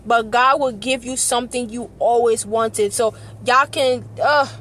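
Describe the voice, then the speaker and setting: A woman's voice: a little high, fairly even intonation, measured pace, a bit bright. A young woman vlogging in an earnest, passionate way, often repeating herself. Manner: earnest, passionate, repetitive, tearful at times. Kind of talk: emotional personal vlog.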